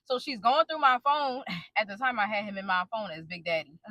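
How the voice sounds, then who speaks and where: Bright-voiced young woman telling a story. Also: medium pitch, brisk, no room sound. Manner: animated, dramatic retelling with asides to viewers. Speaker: storytime vlogger. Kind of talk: casual storytelling.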